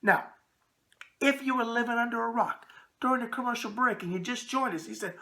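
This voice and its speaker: A raspy-voiced man with a New York accent hosting a show, bantering in a brash wise-guy way. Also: very high voice, brisk, sharp tone. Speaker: host. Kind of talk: casual call-in talk show.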